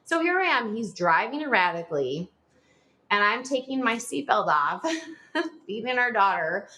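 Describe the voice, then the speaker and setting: A woman in her forties, a podcast guest telling a personal story in a rushed, animated way, full of "like" fillers. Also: on the high side. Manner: animated, talks in a rush with frequent "like" fillers.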